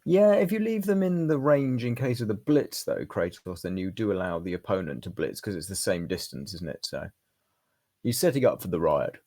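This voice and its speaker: Gravelly man, casual game commentary. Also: on the low side, sing-song, moderate pace, warm tone. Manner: chatty, thinking aloud.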